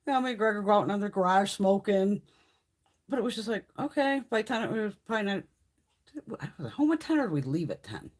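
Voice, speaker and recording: A woman's voice: mid-range voice, very animated, brisk, darkish tone. A woman in her fifties hosting a casual live stream, chatting and telling rambling stories, swearing freely. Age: 50s. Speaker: beauty live-stream host.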